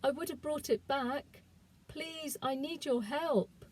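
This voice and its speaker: Woman voicing brave young girl, pleading, urgent, mellow tone, storybook read-aloud. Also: on the high side, normal speed, voice pushed up, close to an everyday voice. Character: determined young village girl on a desperate journey.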